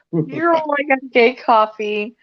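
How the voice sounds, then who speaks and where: A woman's voice: high-pitched, slow. A woman chatting casually and teasing her friend, laughing often. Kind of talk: casual chat. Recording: dull lo-fi stream audio.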